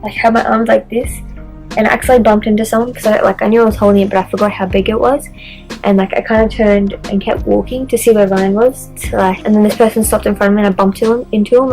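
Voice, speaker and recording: A woman's voice: mid-range voice, fairly even intonation, fast talker, darkish tone, faint music behind, low-quality recording. A young woman vlogging to camera, telling a story in a chatty way, swearing often and saying "like" constantly.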